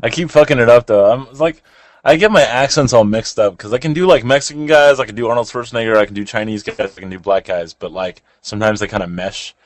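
A man's voice: medium pitch, quick pace, dry recording. A young adult man co-hosting a casual podcast chat, crude and joking and laughing often. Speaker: podcast co-host.

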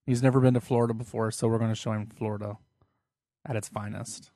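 A man's voice: fairly low pitch, flat delivery, fast talker, dark tone, no echo, studio quality. A young man co-hosting a casual podcast, playful and giggly. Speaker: podcast co-host.

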